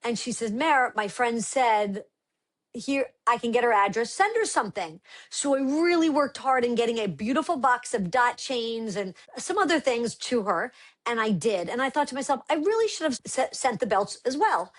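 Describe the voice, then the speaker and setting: A middle-aged woman, a brand founder, telling lively stories as a guest on a casual podcast and acting out quotes. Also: on the high side, moderate pace. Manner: animated storyteller acting out quotes.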